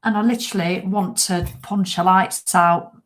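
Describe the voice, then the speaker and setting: A middle-aged woman, a fitness vlogger, chatting casually to viewers in a blunt, animated way with the odd swear word. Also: fairly low pitch, moderate pace.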